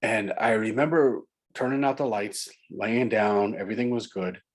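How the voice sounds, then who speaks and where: A man's voice: on the low side, moderate pace. A man from Long Island, an author and guest, telling a ghost story in casual chat, building suspense through repetition. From Long Island, New York.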